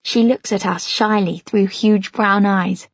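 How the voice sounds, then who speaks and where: A woman narrating a first-person novel for an audiobook in a gentle, even storytelling manner. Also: mid-range voice, a little slow, no room sound, highs cut off.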